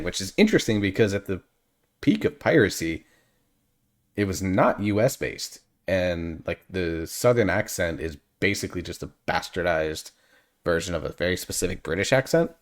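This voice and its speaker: A man hosting a reaction video, chatting casually and analytically and drifting off on tangents. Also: sits low.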